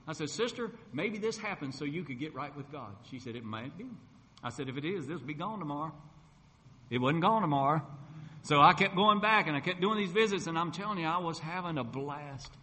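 A man's voice: on the high side, expressive, a little fast, pushed and bright. Folksy preacher man in a reverberant hall. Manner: folksy storytelling, acts out quoted voices. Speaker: gospel singer and preacher. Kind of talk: personal testimony.

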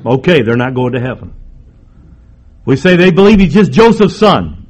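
A man preaching a sermon, emphatic, moving between raised and hushed delivery. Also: mid-range voice, big pitch swings, normal speed, pauses often, breathy edge.

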